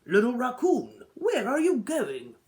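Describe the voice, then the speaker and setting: A woman's voice: on the high side, huge pitch swings, a little slow, a little mellow, voice pushed up. A woman voicing a firm, caring raccoon father in a storybook read-aloud, cautioning.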